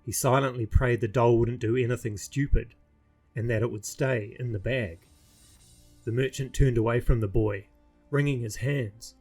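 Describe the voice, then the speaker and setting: A man with a slightly husky voice narrates a fantasy story at an even, measured pace. His pitch sits in the middle of the male range, and soft music plays behind him. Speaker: narrator reading his own novel.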